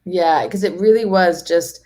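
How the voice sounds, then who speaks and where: Chatty woman, low voice, laughing often. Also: unhurried, mellow. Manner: chatty, laughs often, acts out quoted people. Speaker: home organizing guest. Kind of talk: casual interview chat.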